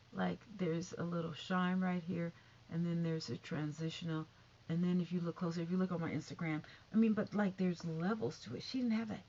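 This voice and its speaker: A woman's voice: lowish voice, darkish tone. A woman vlogger giving sassy casual commentary, calling listeners honey and baby. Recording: dull lo-fi recording with faint noise.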